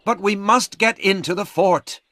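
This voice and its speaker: A man's voice: high voice, moderate pace, pushed and bright, voice pushed up. A man voicing a young army officer in a storybook reading, speaking with raised urgency. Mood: urgent.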